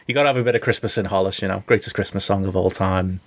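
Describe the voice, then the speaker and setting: A man's voice: deep voice, steady tone, very fast, no echo. A man co-hosting a podcast, rambling in casual chat with lots of fillers. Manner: rambling, filler-heavy chatter. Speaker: podcast co-host.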